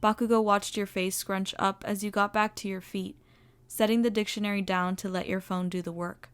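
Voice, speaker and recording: Expressive woman reading a story aloud. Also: medium pitch, normal speed, clean tone. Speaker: story reader. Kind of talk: fan fiction audio narration.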